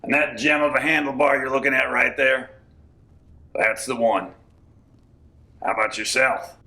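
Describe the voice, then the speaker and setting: A man telling folksy tall tales in a deadpan comic interview. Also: mid-range voice, measured pace. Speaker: comic storyteller.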